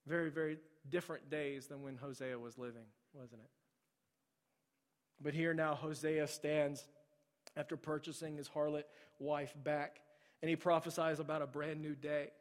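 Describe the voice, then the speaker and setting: A pastor preaching a sermon, swinging from loud, urgent delivery to hushed near-whispers. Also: male voice, on the high side. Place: church sanctuary. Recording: long hall reverb.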